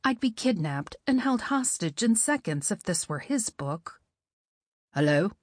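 Lively woman narrating an audiobook. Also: fairly high pitch, unhurried, no echo, clean studio sound. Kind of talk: first-person novel narration.

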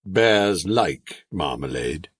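A man's voice: sits low, animated, extremely slow, breathy edge, dry recording, studio quality, voice pushed down, full character voice. A man voicing a small, polite, formal bear from Peru in a storybook reading. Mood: earnest.

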